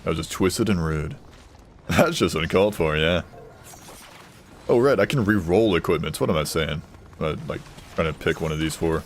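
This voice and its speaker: A man with a very deep voice talks loosely over his gameplay, tossing off jokes and answering chat. Faint game sounds murmur behind him. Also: moderate pace, pauses often, slight background noise. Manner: joking, reading chat aloud, offhand. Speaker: streamer. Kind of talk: casual gaming stream commentary.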